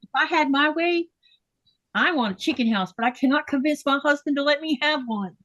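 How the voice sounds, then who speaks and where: A woman's voice: high voice, a little fast, a bit bright, highs cut off. A woman hosting a casual livestream, chatting with guests and reading viewer comments aloud. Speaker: livestream host. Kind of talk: casual live chat.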